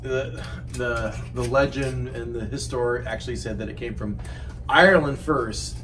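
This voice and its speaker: A man hosting a casual whiskey chat in a basement, jokey and quick to laugh. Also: mid-range voice, fairly bright tone. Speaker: host. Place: basement room. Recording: distant mic, faint noise.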